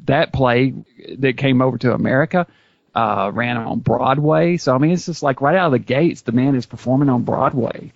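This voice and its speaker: A man's voice: medium pitch, normal speed, no echo, lo-fi sound. A man talking casually and knowledgeably about an actor's career in a podcast conversation, eager and full of restarts. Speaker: YouTube series host, guest.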